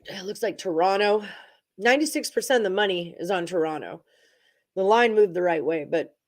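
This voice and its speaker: A woman with a mid-range, somewhat dark-toned voice hosts a casual livestream on sports betting, rattling through odds and percentages and chatting with the people watching about her picks.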